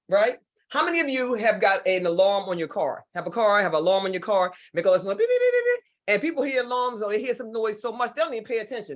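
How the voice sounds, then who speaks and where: A woman from the United States with a Southern drawl, leading an online leadership workshop in a lively, folksy and playful way. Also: medium pitch. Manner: animated, folksy, playful, repeats herself. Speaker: leadership speaker. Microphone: computer mic on a video call.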